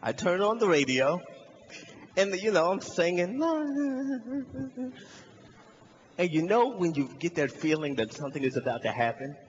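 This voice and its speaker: Speaking a little fast, a young man performs stand-up for a live crowd in a big hall, narrating a story and shouting out the characters' voices in a high, animated way. The audio is dull, with a little hiss or hum.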